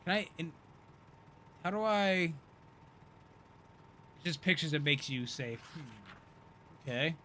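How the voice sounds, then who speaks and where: A man in his thirties giving casual, profane live-stream commentary, chatty and quick to laugh. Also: a little high, lively intonation, sharp tone, a little hiss or hum. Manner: loose, profane, laughs often, chatty asides.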